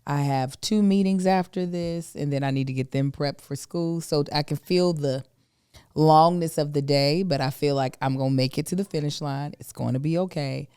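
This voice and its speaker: A middle-aged woman co-hosting a casual podcast. She talks in a lively, teasing way, and her voice comes through smooth and clear. The recording is dry and close. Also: deep voice, moderate pace, no room sound. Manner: animated, playful teasing. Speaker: podcast co-host. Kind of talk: casual chat.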